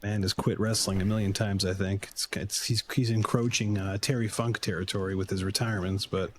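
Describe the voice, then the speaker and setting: A man's voice: lowish voice, steady tone, a little fast, slight background noise. A man co-hosting a podcast, talking in a laid-back way with hesitant restarts. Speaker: podcast co-host. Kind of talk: casual wrestling chat.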